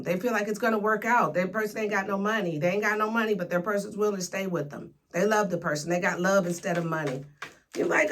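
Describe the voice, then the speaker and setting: A woman's voice: medium pitch, fairly bright tone. A woman giving a casual, sassy tarot reading, talking straight to her viewers with playful slang. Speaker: tarot reader.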